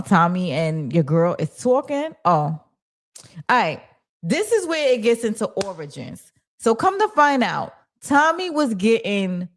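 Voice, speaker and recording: Chatty woman recapping a TV drama. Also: medium pitch. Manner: animated storyteller, acts out characters' lines, reads viewer chat. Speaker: show recap host. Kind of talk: casual TV recap livestream.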